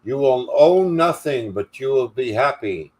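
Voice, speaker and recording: A man's voice: medium pitch, lively intonation, a little slow, pitched above the performer's own voice, lightly acted. A man doing a mocking impression of a smug elderly billionaire lecturing ordinary people. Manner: mocking, condescending.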